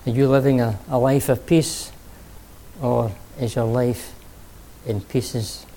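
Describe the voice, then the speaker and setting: A male preacher delivers a sermon in an earnest, storytelling manner. His voice is mellow and dark. He pauses now and then to rephrase. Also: mid-range voice, steady tone, a little hiss or hum.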